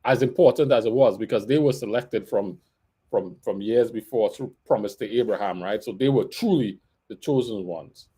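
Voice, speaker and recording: A man's voice: on the low side, moderate pace, dark tone, breathy edge. A man guiding a casual Bible-study conversation. He lays out his thinking step by step and laughs lightly now and then. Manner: thoughtful, explaining, laughs lightly. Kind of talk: casual faith discussion.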